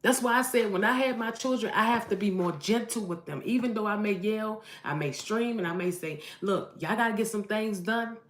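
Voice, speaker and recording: A woman's voice: mid-range voice, a little fast, few pauses. A woman, a mother and vlogger, giving emphatic motivational advice to her camera and repeating phrases for emphasis. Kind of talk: preachy motivational talk to camera. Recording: roomy echo.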